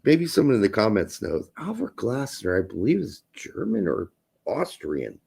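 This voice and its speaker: A man co-hosting a casual soccer podcast, animated, jokey and swearing freely. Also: fairly low pitch, moderate pace, vocal fry, breathy edge. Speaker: podcast co-host. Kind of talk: casual sports chat.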